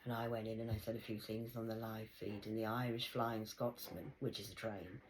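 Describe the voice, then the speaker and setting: A woman giving a rambling spiritual monologue, swinging between loud exclamations and soft whispers. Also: rumbling low, level tone, a little fast, slight background noise, poor audio. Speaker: spiritual vlogger.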